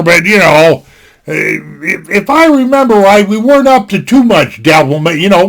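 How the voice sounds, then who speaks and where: An older man from Montana with a high-pitched voice spins a casual story at his desk. He rambles in a folksy way and keeps dropping "you know" asides. It sounds like a desktop mic in a home setting. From Montana, USA. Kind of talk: casual spoken anecdote.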